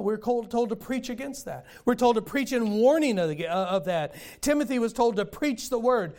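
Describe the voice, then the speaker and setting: An older man preaching a sermon in a folksy storytelling way, with sudden loud bursts. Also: high-pitched. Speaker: pastor.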